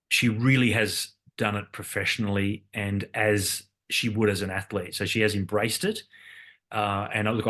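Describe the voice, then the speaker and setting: A man's voice: fairly low pitch, a bit bright. A man, talking as an interview guest in a loose, rambling way with many fillers and restarts. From Australia. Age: 50s. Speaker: guest, Olympic cyclist and commentator. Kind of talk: casual interview conversation.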